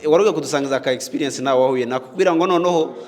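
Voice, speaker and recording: A man's voice: mid-range voice, racing, darkish tone, in a large hall. A man hosting a panel discussion, asking questions and mixing in English words. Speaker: host.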